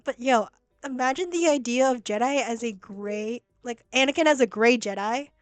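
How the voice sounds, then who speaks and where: A young woman streaming a game, chatty and excitable, reacting and reading story lines aloud. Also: a little high, moderate pace, clear, resonant tone, no room sound. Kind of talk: casual game-stream commentary. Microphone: laptop mic.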